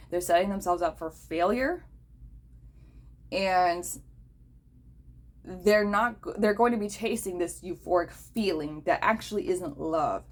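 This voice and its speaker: A woman hosting a casual talk, blunt and profane, who keeps checking in with the listener by asking "okay?". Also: fairly low pitch. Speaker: host.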